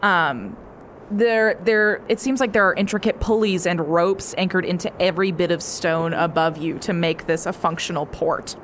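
A woman's voice: on the low side, moderate pace, few pauses, a little hiss or hum. A woman narrating a tabletop game as game master, rambling with lots of ums and likes. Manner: rambling, many fillers.

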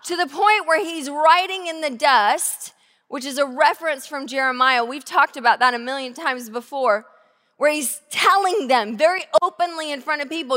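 A woman pastor giving a sermon, earnest and conversational, slowing down to stress key phrases. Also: sits high, pushed and bright, big-room sound. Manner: earnest, conversational preaching with slow emphatic phrases. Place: church sanctuary.

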